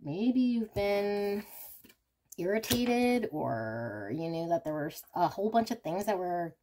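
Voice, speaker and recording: A woman's voice: mid-range voice, expressive, slow pace, mellow, slight background noise. A woman giving a casual pick-a-card reading, talking candidly and thinking aloud. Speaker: tarot card reader.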